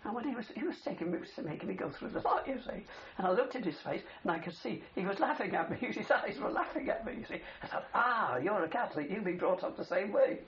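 An older veteran in an oral history interview talks fast in an expressive high voice, hardly pausing as he rambles through a long wartime tale punctuated with "you see." The recording is old, dull, and faintly hissy.

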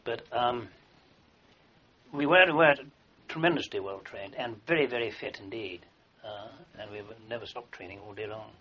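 Older man, bright tense voice, dull recording. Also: mid-range voice, normal speed, husky. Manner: rambling anecdotal storytelling with many fillers and restarts. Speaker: interviewee, army veteran. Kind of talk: oral history recollection.

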